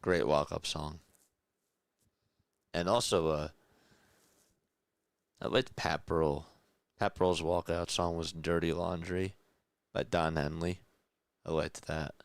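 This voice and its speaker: A young man doing quiet radio-style play-by-play, keeping his voice down and chatting calmly between pitches. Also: takes it slowly, long pauses, smooth, no room sound, studio quality. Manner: calm, hushed, keeping voice down; reads chat messages aloud between pitches. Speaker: play-by-play host.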